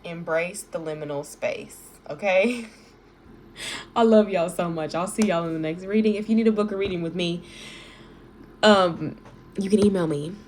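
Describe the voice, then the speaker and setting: A woman's voice: fairly low pitch, moderate pace, a little hiss or hum. A woman in her twenties giving a casual tarot reading, chatty and playful, talking straight to her viewers. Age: 20s. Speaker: tarot reader.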